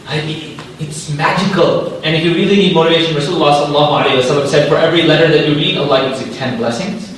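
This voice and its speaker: A young man gives an informal, joking talk to students, full of slang and lively storytelling. His voice sits a little high. He is recorded from a distance in a large, heavily echoing hall, with faint room noise behind him. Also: very fast, hardly any pauses. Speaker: Islamic speaker. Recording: echoey hall from far off.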